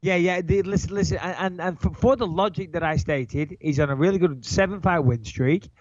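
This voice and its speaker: A man with a nasal Manchester-area English accent, co-hosting a podcast in brash, swearing, animated banter. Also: high voice, brisk, dry recording, highs cut off. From England. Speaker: podcast co-host.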